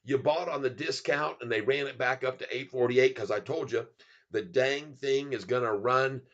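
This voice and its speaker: Gravelly man rambling through live trades. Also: medium pitch, moderate pace, a bit bright. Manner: rambling, joking, laughs often. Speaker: livestream host trading stocks. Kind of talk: casual live commentary. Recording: dull lo-fi sound.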